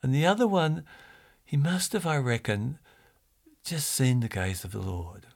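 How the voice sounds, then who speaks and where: A priest, preaching in a storytelling way, with many fillers and restarts. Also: male voice, mid-range voice, animated, measured pace, creaky. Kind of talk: sermon.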